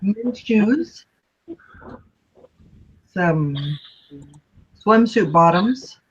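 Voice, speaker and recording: A woman's voice: mid-range voice, lively intonation, extremely slow, slight background noise. A woman in a casual morning chat giving plain, matter-of-fact answers over dull lo-fi call audio.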